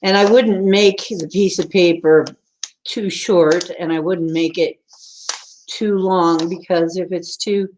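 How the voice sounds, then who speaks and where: A woman's voice: fairly low pitch, steady tone, slow pace, a little mellow, slight background noise. A woman hosting a live stream in a casual, rambling way, greeting viewers by name and chatting before a craft lesson. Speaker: livestream host.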